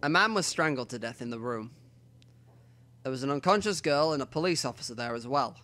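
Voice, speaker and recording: A man reading a visual novel aloud as the host of a let's play, with quiet asides to himself between stretches of narration. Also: medium pitch, animated, fairly quick.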